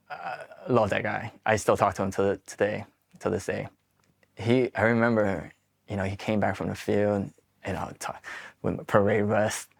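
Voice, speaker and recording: Guy from queens in his 40s, low-ish voice, swears a lot and acts out the back and forth in his stories. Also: vocal fry. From Queens, New York. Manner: candid, profane, acts out quoted exchanges. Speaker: Marine veteran guest. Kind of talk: casual storytelling interview.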